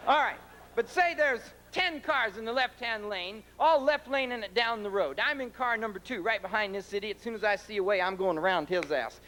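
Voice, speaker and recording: A man with a high, pushed, bright voice talks fairly quickly, delivering a brash, profane stand-up rant before a live audience in a large concert venue. The live concert tape carries crowd noise, with the audience laughing in the background.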